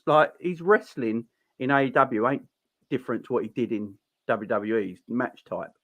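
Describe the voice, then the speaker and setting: A man's voice: medium pitch, moderate pace, a bit bright, no echo. A man co-hosting a wrestling review show, giving incredulous opinions. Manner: opinionated, incredulous, swoops up when exasperated. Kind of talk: casual chat.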